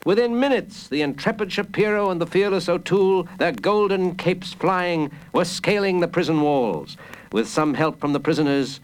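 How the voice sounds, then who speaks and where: A man reading a children's adventure story aloud in an expressive, dramatic way. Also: high-pitched, normal speed, low-quality recording. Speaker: narrator.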